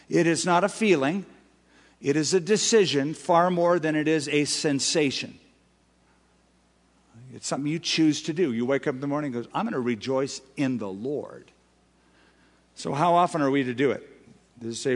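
A male pastor preaching a sermon, swinging between loud emphasis and quiet, drawn-out phrases. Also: a little high, expressive. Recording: long hall reverb.

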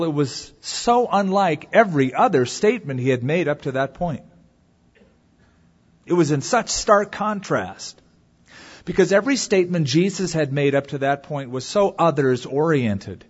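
A man preaching a sermon to a congregation, reading scripture aloud and expounding it with dramatic pauses. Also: medium pitch, breathy edge. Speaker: pastor. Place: church or hall before a congregation. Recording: dull lo-fi recording with long hall reverb.

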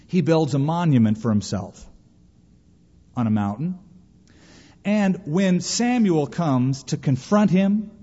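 A pastor with a mellow, medium-pitched voice preaches a sermon, telling stories emphatically and quoting scripture. The recording is a reverberant, dull lo-fi capture made in a hall.

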